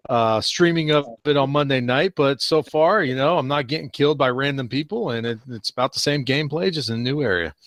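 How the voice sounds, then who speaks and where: A man's voice: mid-range voice, fairly quick, few pauses, fairly bright tone, dry recording, studio quality. A man co-hosting a casual podcast, making wry joking asides. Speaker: podcast co-host.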